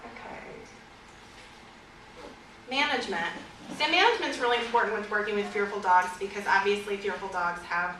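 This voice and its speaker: A woman teaching a class on fearful dogs as a trainer, in a lively way, with vivid examples and questions to her audience. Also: mid-range voice, normal speed, pauses often, heavy background noise. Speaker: dog trainer. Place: store or training room with an audience. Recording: echoey room, recorded from a distance.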